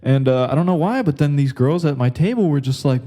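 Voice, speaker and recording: Young man, podcast host, loose crude storytelling, mellow tone. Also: medium pitch, brisk. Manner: rambling, crude, says "like" and "bro" constantly. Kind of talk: casual comedic monologue.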